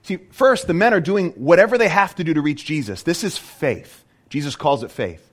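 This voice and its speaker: A man preaching a sermon as a pastor, animated and full of rhetorical questions. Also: a little high, moderate pace.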